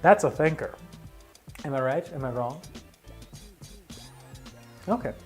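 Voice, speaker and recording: A man's voice: mid-range voice, animated, slow pace, faint music behind. A man hosting a live trivia show, reading out answers with jokey, sarcastic asides. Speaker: trivia game host.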